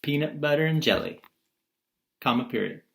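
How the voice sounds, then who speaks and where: A man's voice: a little high, lively intonation, normal speed, creaky. A male teacher recording a video lesson, asking his class questions and answering them himself, and acting out quotes in different voices.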